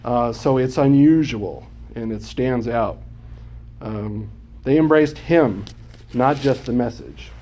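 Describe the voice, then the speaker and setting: A man's voice: mid-range voice, slow, warm tone. A man teaching a Bible class, explaining Greek words patiently and often checking whether his students follow. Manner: explanatory, checks understanding with questions.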